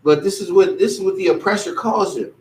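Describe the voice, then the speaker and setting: Man, somewhat high voice, animated casual teacher who slips into impressions, recorded far off in a roomy space. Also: fairly quick, a little hiss or hum. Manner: animated, mimics other people's voices. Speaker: religious teacher. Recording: echoey room, distant mic.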